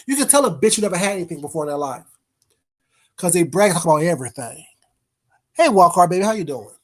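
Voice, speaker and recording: A man's voice: sits high, expressive, fast talker. A man hosting a casual livestream, bluntly cussing out trolls and greeting viewers in the chat by name. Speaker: livestream host.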